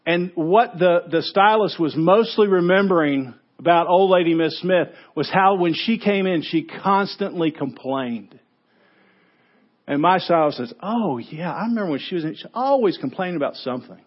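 A man pastor preaches a sermon in a fairly high voice. He tells stories with animation, dropping low for points and rising to exclaim. The recording sounds dull and lo-fi. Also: normal speed. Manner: animated storytelling, shifts from quiet to exclaiming.

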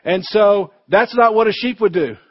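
A male pastor with a high-sitting voice preaches at a moderate pace, telling his sermon in a conversational, story-driven way with bits of humor. There's no echo, though the lo-fi recording sounds dull.

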